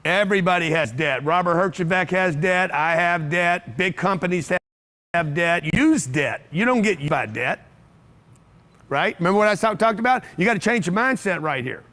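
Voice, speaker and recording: A man's voice: high-pitched, expressive, moderate pace, bright, forceful tone. A man giving a brash, punchy motivational talk to a live audience in an event room, hammering home repeated phrases. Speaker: motivational speaker.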